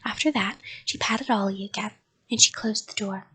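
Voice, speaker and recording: A woman reading a children's story aloud in a soft, half-whispered bedtime voice. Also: mid-range voice, normal speed, breathy edge.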